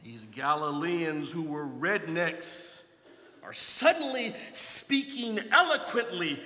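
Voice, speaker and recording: A man's voice: a little high, lively intonation, slow pace, pushed and bright. A male priest giving a sermon in a folksy, joking way, speaking directly to his congregation. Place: large church. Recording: echoey church hall, long reverb.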